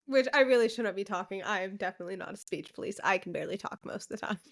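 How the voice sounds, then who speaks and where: A woman's voice: mid-range voice, racing. A woman co-hosting a podcast in casual chat, teasing and dryly correcting her friend. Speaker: podcast co-host.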